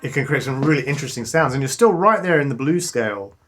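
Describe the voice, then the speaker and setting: Relaxed yet eager, a male guitar instructor with a mid-range voice talks through a lesson and plays in the pauses. Loud clean guitar sits behind him in the mix.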